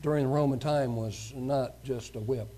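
Mellow-voiced man preaching from scripture. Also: medium pitch, fairly even intonation, moderate pace, slight background noise. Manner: reads a passage aloud and breaks off to comment on it. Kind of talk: sermon reading scripture with commentary.

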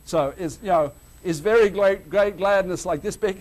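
An Australian man preaching a sermon to a congregation, animated and theatrical, dropping to a hush and then rising loud. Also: sits high, moderate pace. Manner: animated, swings between loud and hushed.

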